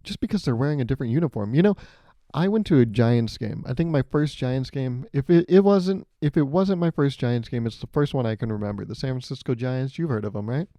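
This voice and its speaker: A man's voice: medium pitch, brisk, dry recording. A young man hosting a solo podcast, telling rambling stories with a sarcastic edge. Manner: rambling and sarcastic, acts out loud voices. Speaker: podcast host. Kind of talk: solo comedic storytelling.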